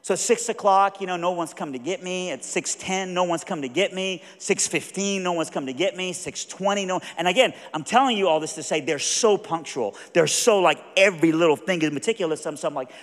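Animated high-voiced Southern preacher. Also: male voice, a little fast, few pauses. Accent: Southern American. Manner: animated, folksy storyteller acting out other voices. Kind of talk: sermon storytelling. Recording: long reverb of a large hall.

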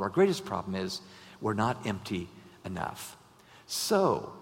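A man preaching a sermon in a conversational style, drawing in his listeners with rhetorical questions and shifting between animated emphasis and quiet storytelling. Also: mid-range voice. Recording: long reverb of a large hall.

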